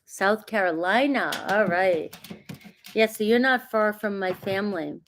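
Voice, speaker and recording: A chatty woman talks casually to viewers of a live tarot stream. She greets people by name and laughs easily. Her voice sits at a middle pitch and she gives calm, grounding guidance. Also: unhurried, slight background noise. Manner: reassuring, grounding spiritual guidance. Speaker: tarot reader. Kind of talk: casual livestream chat.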